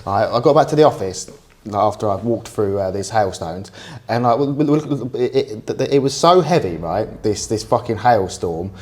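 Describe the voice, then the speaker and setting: A young man chats loosely on a podcast, voice sitting a little low. He stumbles over restarts and swears freely as he rambles from one point to the next. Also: lively intonation, moderate pace, darkish tone. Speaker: podcast co-host. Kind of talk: casual banter.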